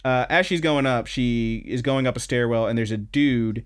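Young guy on a podcast rambling thru an anime recap, does the voices, regular pitch. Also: moderate pace, clear, resonant tone. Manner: rambling, animated retelling, acts out quotes. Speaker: podcast host. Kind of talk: casual anime episode recap.

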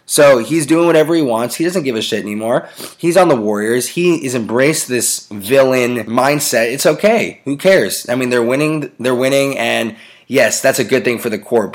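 A man hosting a casual sports podcast, ranting with strong opinions. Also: medium pitch. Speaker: podcast host.

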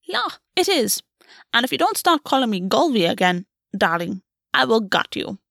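A woman voicing a brash, clawed fae queen who mocks warmly and swears freely. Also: on the high side, very animated, normal speed, creaky, no room sound, studio quality, heavily acted. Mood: playful menace. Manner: mocking yet warm, swears freely. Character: brash, teasing female fae queen, a clawed bird shifter.

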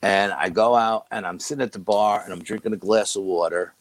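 A man with a lowish voice recounts events in relaxed, chatty storytelling. He keeps slipping into "I go" and "she goes" as he acts out each exchange. The recording is close and dry, with no room sound. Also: brisk, dry recording, rough recording. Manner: animated retelling that quotes dialogue with "I go" and "she goes". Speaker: guest recounting a paranormal investigation. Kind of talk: casual spoken storytelling.

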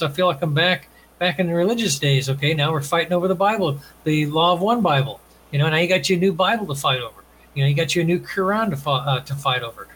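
A man's voice: fairly high pitch, fairly bright tone, slight background noise, rough recording. Earnest man preaching love and utopia. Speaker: author and guest. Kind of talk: casual podcast conversation.

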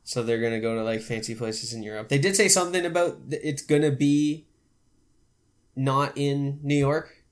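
A man's voice: mid-range voice, normal speed. A Canadian man co-hosting a casual podcast, joking and swearing freely as he acts out quoted people. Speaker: podcast co-host. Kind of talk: casual chat.

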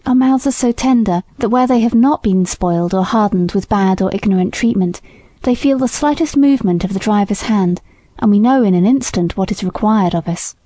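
Brief: woman audiobook narrator, warm mellow tone, dry close sound, steady gentle delivery. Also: medium pitch, no echo. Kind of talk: scripted narration.

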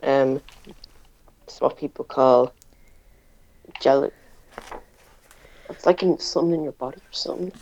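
A woman's voice: a bass voice, unhurried, pauses often, a little mellow, muffled recording. A teenage girl co-hosting a casual podcast, giving short, hesitant answers. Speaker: podcast co-host. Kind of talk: casual chat.

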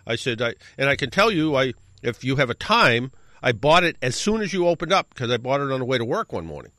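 A middle-aged man hosts a radio show and tells a long, casual story. His pitch swings up and down a lot. He corrects himself often and adds wry asides, and his voice sounds dry and close. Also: very animated, a little fast, bright, forceful tone, no echo. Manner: rambling, self-correcting anecdote with wry asides.

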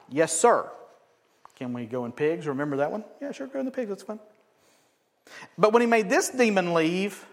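A man preaching a sermon, animated, swinging from loud emphatic bursts to quiet joking asides. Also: high-pitched. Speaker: pastor.

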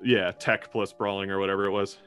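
A man running a tabletop game as game master, narrating in a relaxed way with lots of fillers. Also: sits low, a little fast, clean tone, faint music behind.

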